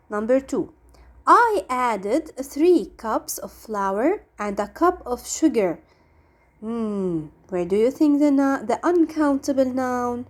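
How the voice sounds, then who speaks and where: Slow, patient woman teaching grammar. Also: a little high, darkish tone. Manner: slow, patient, explains step by step with questions. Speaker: English teacher. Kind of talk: grammar lesson.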